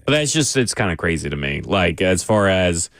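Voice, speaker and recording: A male sports radio co-host talking casually, measured as he lays out figures and leads into segments. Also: low-pitched, sing-song, gravelly, a bit bright, dry recording, studio quality. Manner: measured, lays out numbers and segues.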